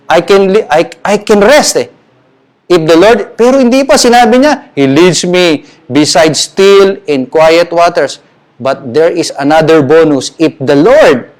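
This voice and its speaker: A middle-aged man with a Filipino accent preaching a sermon at a memorial, emphatic and grieving, switching between English and Tagalog. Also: fairly high pitch. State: grieving, emotional. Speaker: pastor.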